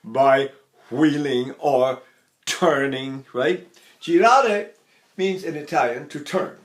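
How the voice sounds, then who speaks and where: A man's voice: medium pitch, slow, roomy sound. An older man teaching a singing lesson, explaining technique and singing short phrases to demonstrate. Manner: explains, then sings short phrases to show. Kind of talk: vocal lesson with sung demonstrations.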